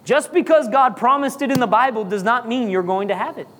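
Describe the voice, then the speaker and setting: High-voiced man preaching in a reverberant hall. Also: a little fast, a bit bright. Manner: emphatic preaching with rhetorical questions and repetition. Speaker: pastor. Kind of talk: sermon.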